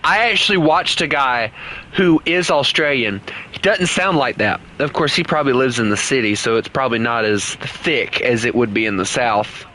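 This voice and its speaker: A man's voice: medium pitch, moderate pace, sharp tone, a little hiss or hum. A man streaming a game and chatting casually with viewers, joking and teasing. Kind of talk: casual gameplay chat with viewers.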